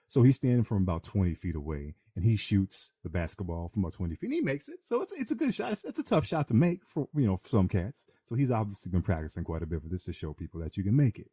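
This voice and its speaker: Male podcast host, very deep and dry, a casual slangy storyteller. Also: quick pace, dry recording. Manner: animated, slangy storyteller who acts out voices.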